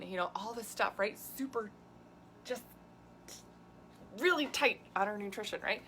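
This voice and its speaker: A woman's voice: mid-range voice, lively intonation, a little slow, long pauses, bright, forceful tone, a little hiss or hum. A middle-aged woman health coach, chatting casually to camera, laughing often and acting out her clients' complaints. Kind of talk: casual talking-head video lesson. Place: indoors, drawing on a board.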